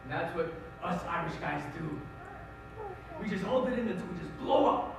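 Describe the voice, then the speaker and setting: A teenage boy performing a monologue as a middle-aged Irish-American man, telling his story in an animated, wry and emotional way. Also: a little high, normal speed, vocal fry, background noise. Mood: grieving. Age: teens. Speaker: high school forensics performer. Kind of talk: competitive dramatic monologue. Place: school auditorium stage. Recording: echoey hall, distant mic.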